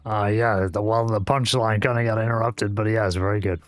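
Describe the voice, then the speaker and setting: A man's voice: lowish voice, fairly even intonation, brisk, no room sound. A man making friendly, easygoing small talk in character during an online roleplay.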